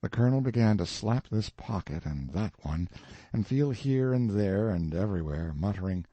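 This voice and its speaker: A man narrating a classic novel as an audiobook, in a lively, expressive reading. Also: lowish voice, moderate pace, dry recording.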